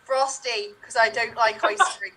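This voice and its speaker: A woman's voice: a little high, fairly even intonation, a little slow, sharp tone, far from the mic, rough recording. A woman playing a callous veterinarian who talks bluntly and offhandedly.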